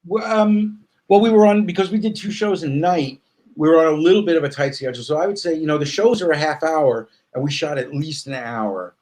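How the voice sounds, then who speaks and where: A man speaking as a guest in a casual interview, thoughtful and halting, with many fillers and restarts. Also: on the high side, a little mellow.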